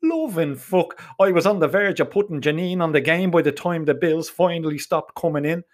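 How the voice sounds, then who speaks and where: A man's voice: fairly high pitch, animated, a little fast. A middle-aged man with a Dublin Irish accent telling a crude comic story in the first person, swearing freely. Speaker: narrator.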